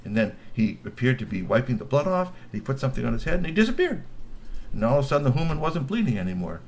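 A man's voice: mid-range voice, sing-song, fast. A man telling a long story with exclamations, laughing asides and repeated words. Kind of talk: animated oral storytelling.

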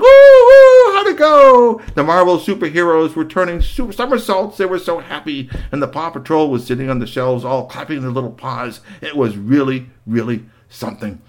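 A man telling an improvised story to a child, animated and playful, swinging from squeals to hushed tones. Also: medium pitch.

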